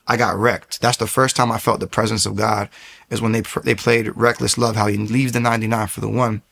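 A man's voice: fairly low pitch, brisk, gravelly. A young man from the United States, casually telling his personal testimony and acting out the people he quotes. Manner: animated, acts out quoted voices.

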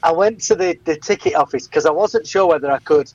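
A man's voice: a little high, fairly quick, highs cut off, noisy background. A man in casual radio chat, chatty and laughing often as a guest presenter.

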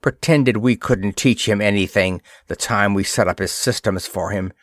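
Man doing a gruff signalman, grumbling, disgusted, dry sound. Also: on the low side, moderate pace, no room sound, lightly acted.

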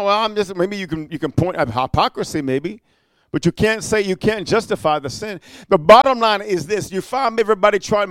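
A man's voice: high voice, a bit bright, no room sound, clean studio sound. A man preaching a sermon, emphatic and rhetorical, prodding listeners with repeated "amen?" and "huh?".

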